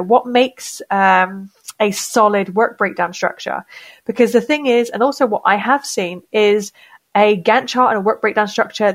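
A woman working as a project manager talks in a casual podcast conversation. She is thoughtful and sprinkles her points with "you know" fillers. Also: medium pitch.

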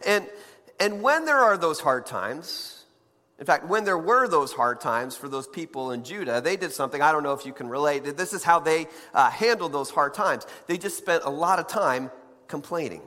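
A man's voice: a little high, animated, moderate pace, pushed and bright, in a large hall. A man preaching a sermon in a conversational way, with playful asides and frequent restarts. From United States. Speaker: pastor.

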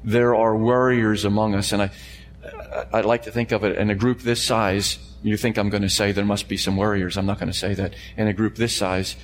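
A man's voice: fairly low pitch, flat delivery, a little fast. A man preaching a sermon to a congregation. He talks in emphatic, repeated phrases and puts questions to his listeners. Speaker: pastor. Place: church sanctuary before a congregation. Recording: long hall reverb with faint hum.

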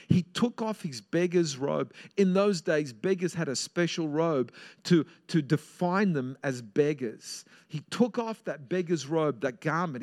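A man preaching a sermon, emphatic and repetitive, swinging between loud and hushed delivery. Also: a little high.

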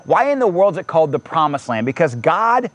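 A man's voice: on the high side, very animated, fairly quick, no room sound. A man preaching a sermon in a conversational way, reading scripture aloud and adding casual asides. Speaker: pastor.

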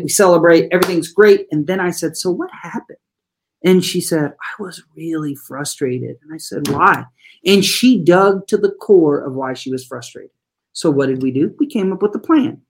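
An animated school staffer tells classroom stories in an interview. The delivery is folksy and chatty, with listeners addressed as "y'all". The pitch sits in a middle range. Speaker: school trauma-informed support staff. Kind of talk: storytelling in an interview.

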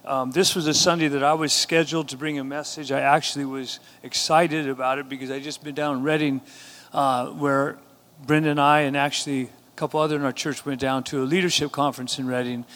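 A man's voice: mid-range voice, little pitch movement, fairly quick, a bit bright. A man pastoring his church, preaching a sermon and rising to emphatic call-and-response exhortations. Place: church sanctuary.

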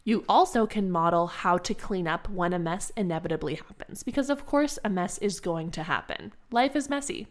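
A young adult woman, an early childhood educator, giving a calm, encouraging teaching talk to other educators in a conversational way. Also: lowish voice, normal speed, hardly any pauses.

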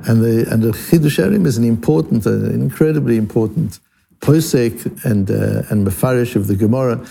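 Gravelly male Talmud teacher. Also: mid-range voice, brisk, warm tone, slight background noise. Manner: explanatory, repeats and restarts words, mixes English with Hebrew and Aramaic terms. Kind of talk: Talmud lesson.

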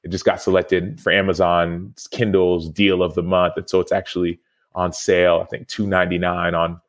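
A man in his thirties speaks with a notably low pitch. He is a podcast guest and former football player, earnest and reflective as he tells a personal story. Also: flat delivery, moderate pace. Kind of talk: storytelling interview answer.

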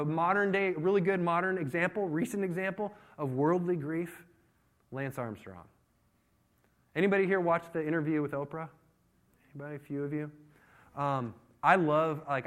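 Preaching man with lively storytelling. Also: on the high side, normal speed. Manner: storytelling with acted-out voices and sudden loud outbursts. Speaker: pastor. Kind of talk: sermon.

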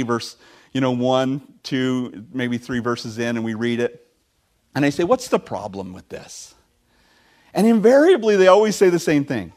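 A middle-aged man preaching a sermon as pastor, telling the story with animated voices for the people in it. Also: a little high. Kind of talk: expository sermon.

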